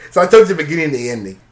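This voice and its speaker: A man's voice: fairly high pitch, slight background noise. A man casually recapping a movie on a podcast, rambling, laughing often and swearing freely. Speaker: podcast co-host reviewing a movie. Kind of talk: casual chat.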